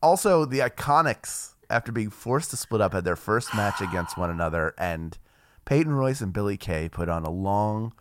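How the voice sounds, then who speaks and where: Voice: sits low, animated, moderate pace, no echo. A podcast co-host chatting casually about wrestling, with dry jokes and segment hosting. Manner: dry, joking, hosts the segments.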